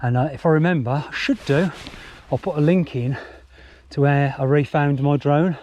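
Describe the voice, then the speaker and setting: Rambling, sweary biker. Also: male voice, on the high side, steady tone, normal speed, a little mellow. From England. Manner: chatty and rambling, swears freely, fired up. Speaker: mountain biker vlogger. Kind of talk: casual spoken commentary while riding. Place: outdoors on country trails. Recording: outdoor camera mic with noticeable wind and traffic noise.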